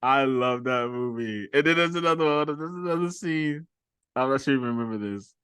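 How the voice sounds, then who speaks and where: A man hosting a casual movie chat, excitable, laughing often and repeating himself. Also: medium pitch, moderate pace, clean tone, no room sound, studio quality. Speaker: podcast host.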